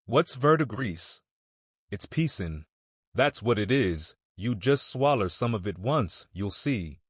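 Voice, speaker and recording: A man's voice: on the low side, lively intonation, slow, husky, dry recording, studio quality, heavily acted. A man voicing a superstitious country boy who speaks in thick rustic dialect in a storybook reading. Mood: frightened.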